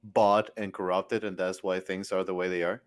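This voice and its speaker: A man's voice: low voice, little pitch movement, moderate pace. A man playing a tabletop game, hesitantly thinking aloud about what his character does. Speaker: player.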